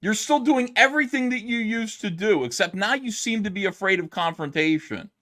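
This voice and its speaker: A man streaming his reactions to videos, yelling and swearing in an exasperated rant from home. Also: high voice, expressive, fairly quick. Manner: loud, exasperated, profane yelling. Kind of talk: angry commentary rant. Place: home, downstairs.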